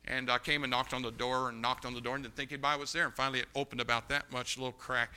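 A man preaching a sermon, telling a story with passion and swinging between loud bursts and hushed moments. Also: medium pitch, level tone, rapid-fire, clean tone. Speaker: pastor.

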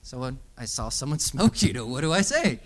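A man's voice: mid-range voice, brisk, a crowd in the background. A young adult man preaching a sermon to young people, telling stories and then exhorting them emphatically. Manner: storytelling, animated, emphatic exhortation.

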